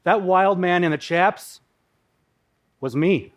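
A middle-aged man from Minnesota tells a personal story with vivid, emotional animation. His voice sits a little high. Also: takes it slowly, dull audio.

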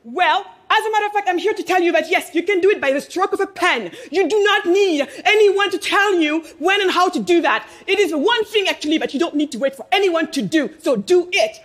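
A woman business owner giving a passionate speech to a live audience in a room. She fires rhetorical questions, prompts listeners to answer, and stresses her points with pauses. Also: very high voice, animated. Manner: emphatic, with pauses for effect.

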